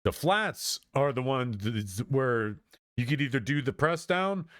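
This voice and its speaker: A man's voice: medium pitch, lively intonation, a little slow, dry recording, studio quality. A man streaming, giving casual chatty reaction commentary and laughing often.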